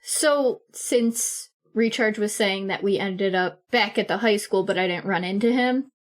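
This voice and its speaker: A woman's voice: mid-range voice, a little slow. Woman casually playing a tabletop game. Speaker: player.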